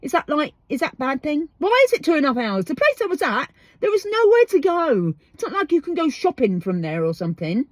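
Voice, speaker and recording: A woman's voice: high-pitched, big pitch swings, a little fast, no echo. A woman hosting a podcast, ranting about a parking ticket, swearing freely and firing off rhetorical questions, recorded inside a parked van. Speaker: podcast host. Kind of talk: casual ranting monologue.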